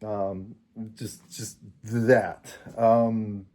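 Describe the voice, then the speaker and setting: A man's voice: on the low side, level tone, drawn-out words, darkish tone. A man in his fifties from Mexico, chatting casually in a personal vlog, rambling and chuckling at himself. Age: 50s. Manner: rambling, chuckling, self-deprecating. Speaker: vlogger.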